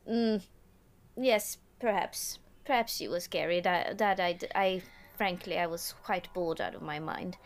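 A woman's voice: lowish voice, very animated, creaky, a little mellow, a little hiss or hum, full character voice. Woman doing a guarded ex-nun in broken English. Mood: haughty. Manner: broken English with a put-on accent; halting, hesitant, slow. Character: haunted former nun woman, guarded and aloof. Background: music.

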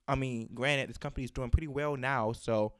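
A man hosting a casual chat, telling animated stories and acting out callers' lines. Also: mid-range voice, fairly quick, clean tone, no echo. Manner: animated storyteller, acts out callers' quotes. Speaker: podcast host.

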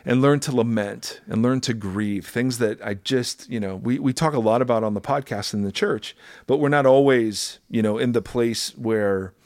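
A man telling stories on a faith podcast, rambling and animated and full of restarts. His voice sits at an ordinary middle pitch and sounds dry and close, with no room around it. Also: moderate pace, no echo. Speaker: podcast co-host and public speaker. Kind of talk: casual conversational chat.

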